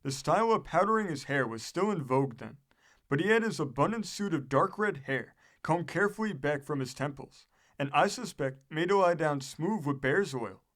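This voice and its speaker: A man narrating an audiobook of a historical book, reading in a measured, steady way. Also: fairly high pitch.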